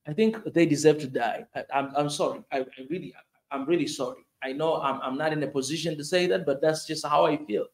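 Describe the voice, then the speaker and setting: A man's voice: a little high, a little mellow. A man giving impassioned, casual commentary on the news, repeating himself and saying "man" often. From Tanzania. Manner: emotional, repetitive, says "man" often, voice rising in outrage.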